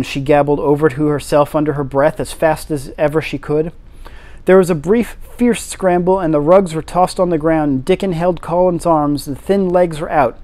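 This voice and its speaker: Male amateur reader, higher voice, steady narration. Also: moderate pace. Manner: steady reading with occasional slips and restarts. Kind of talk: audiobook reading of a classic novel.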